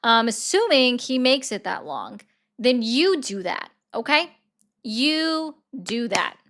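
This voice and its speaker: A woman's voice: on the high side, sing-song, unhurried, a bit bright. A woman hosting a livestream in a casual, rambling way, answering viewer comments and thanking viewers. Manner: chatty, rambling, reads viewer comments aloud. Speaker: livestream host.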